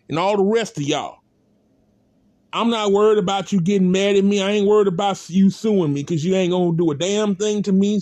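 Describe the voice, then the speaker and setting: A man's voice: sits high, a little mellow, dry recording. A man giving a blunt, impassioned spoken rant, hammering points with repeated rhetorical calls and casual speech. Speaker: commentator.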